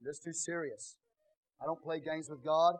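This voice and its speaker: A man preaching a sermon as pastor in a church, dropping to quiet asides and rising to loud shouts. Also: on the high side, steady tone, moderate pace, dry recording, low-quality recording.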